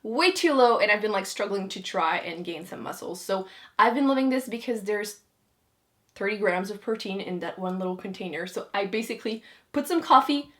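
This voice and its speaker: A young woman chatting casually to camera about her monthly favorites, giggling often and filling pauses with "uh" and "like". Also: medium pitch, expressive, a bit bright. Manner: chatty, giggly, many fillers. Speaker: beauty vlogger.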